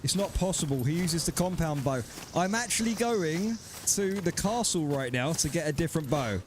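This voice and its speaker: Male streamer, casual and friendly with viewers, salty language, voice sits a bit high. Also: expressive, normal speed, noisy background. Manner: chatty, greets and thanks viewers by name, swears freely. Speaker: game streamer. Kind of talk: casual live-stream chat while playing.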